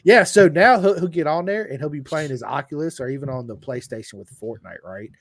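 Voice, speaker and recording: A man, co-hosting a podcast in casual, animated chat. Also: medium pitch, brisk, creaky, no room sound, clean studio sound. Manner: animated, laughing storyteller.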